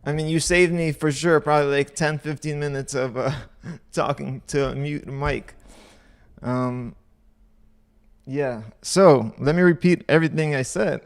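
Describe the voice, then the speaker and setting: A man's voice: fairly high pitch, steady tone, measured pace. A man hosting a casual livestream, chatting to viewers in a rambling way and laughing often. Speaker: livestream host.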